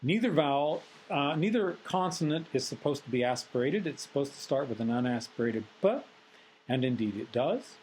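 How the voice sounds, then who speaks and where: Male lecturer, mid-pitched, measured and analytical, recorded lecture delivery with frequent pauses and fillers. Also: expressive, darkish tone, a little hiss or hum, rough recording.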